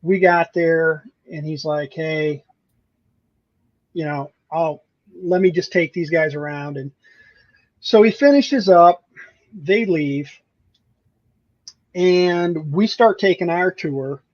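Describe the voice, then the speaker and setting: A man who investigates the paranormal, a guest on a video call, recounting events in a slow, steady way. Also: on the high side, highs cut off. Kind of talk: casual chat.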